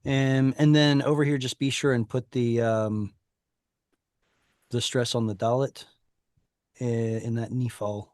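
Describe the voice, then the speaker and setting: A man's voice: mid-range voice, little pitch movement, unhurried, pauses often, darkish tone, dry recording, clean studio sound. Man teaching a class over video call. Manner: patient, explanatory, with frequent fillers. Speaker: Hebrew teacher. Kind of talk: online class instruction.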